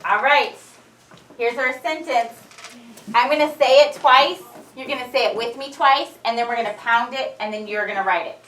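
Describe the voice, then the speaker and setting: A woman teacher leading a phonics lesson in a classroom, drilling words slowly and clearly. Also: on the high side, a bit bright. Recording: echoey room from a distance.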